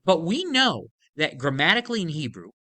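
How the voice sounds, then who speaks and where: Animated, bright-voiced Torah teacher. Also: mid-range voice, brisk. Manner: emphatic, animated explaining, casual fillers. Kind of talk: Torah lesson explaining a verse.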